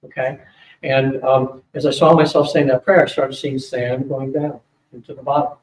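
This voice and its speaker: An older man speaking at a psychic fair, telling a long rambling story to an audience, with many fillers and quick asides. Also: medium pitch, little pitch movement. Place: hotel event room. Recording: roomy, distant mic with faint hum.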